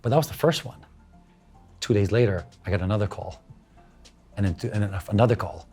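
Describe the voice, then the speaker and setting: A man's voice: on the low side, brisk, husky, soft background music. A middle-aged man from the Philippines, a guest in an interview, telling his story in English with Tagalog phrases mixed in and acting out what other people said. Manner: animated, acts out other people's lines.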